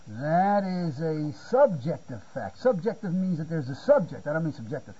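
A man's voice: fairly high pitch, very animated, normal speed, few pauses, mellow, breathy edge, highs cut off. A man giving a Torah lecture, often repeating words and checking "you see?". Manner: repeats words while searching for phrasing, asks "you see?". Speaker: Talmud teacher.

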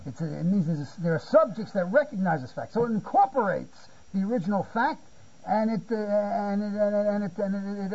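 Guy giving a torah shiur, husky mellow voice, muffled lo-fi tape. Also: high voice. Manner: repeats words while searching for phrasing, asks "you see?". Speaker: Talmud teacher. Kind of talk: Torah lecture.

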